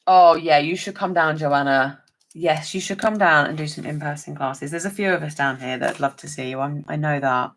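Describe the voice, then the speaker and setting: At a normal speed and with a voice that sits low, a woman works through a papercraft demo on a chatty live stream, chatting with her viewers by name.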